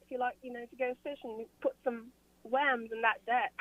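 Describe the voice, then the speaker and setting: A woman's voice: a little high, fairly even intonation, a little fast, lightly acted. A British woman playing a rambling car salesman. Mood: pushy. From Britain. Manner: rambling, laughing ad-libs. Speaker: caller. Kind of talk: improvised radio acting. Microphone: phone. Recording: dull phone line.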